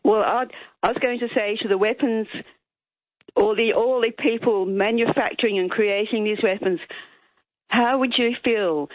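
A woman's voice: on the high side, normal speed, dry recording. Earnest female talkback voice, thin phone-like line. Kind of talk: talkback radio chat.

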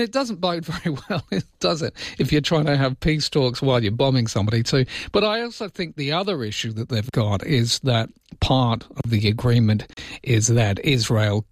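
A man's voice: medium pitch, dry recording, studio quality. An Australian man hosting a morning radio show, chatting casually and joking between news items. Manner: chatty, joking, dips into mock voices.

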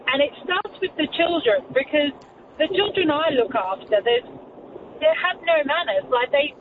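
A woman calling a radio show, talking quickly and saying "like" a lot, over a noisy phone line. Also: sits high, recorded from a distance. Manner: fast, uses "like" a lot. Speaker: caller, nanny. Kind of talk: phone-in chat.

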